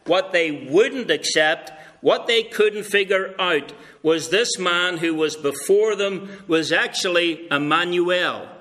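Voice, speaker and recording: Bright-toned slow-speaking male pastor. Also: fairly high pitch. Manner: storytelling preacher, conversational asides. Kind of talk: sermon. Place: church.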